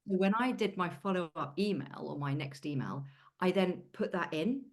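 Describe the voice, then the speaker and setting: A British woman with a low voice chats through a coaching session on a video call. She talks loosely and candidly, dropping casual British phrases and the odd swear. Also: animated, normal speed. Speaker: coaching client.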